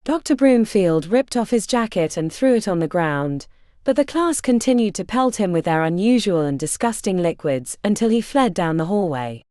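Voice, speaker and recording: A woman narrating a fantasy audiobook in an expressive storytelling style. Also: medium pitch, normal speed, no echo, clean studio sound.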